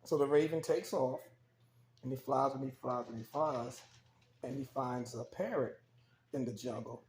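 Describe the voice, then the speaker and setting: A man casually telling a parable out loud, relaxed and loose with his words. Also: mid-range voice, moderate pace. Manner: relaxed, loose with fillers and repeats. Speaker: storyteller. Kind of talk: casual spoken storytelling. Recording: roomy echo, faint background hum.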